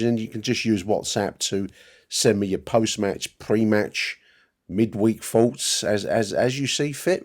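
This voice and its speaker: A man's voice: mid-range voice, darkish tone. A man hosting a football podcast, chatting in a rambling, friendly way to his listeners. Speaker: podcast host. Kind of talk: casual podcast talk.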